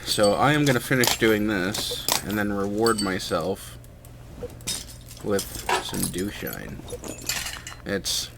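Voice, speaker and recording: Young man, low-pitched, rambling and self-deprecating, noisy home recording with clinks. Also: expressive, drawn-out words. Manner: hesitant, filler-heavy, self-deprecating. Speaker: hobbyist vlogger. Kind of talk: casual rambling chat.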